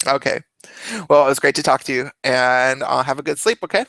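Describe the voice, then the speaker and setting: A man hosting a casual chat stream, telling stories in a rambling, halting way. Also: medium pitch, vocal fry, fairly bright tone, no echo. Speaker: stream host.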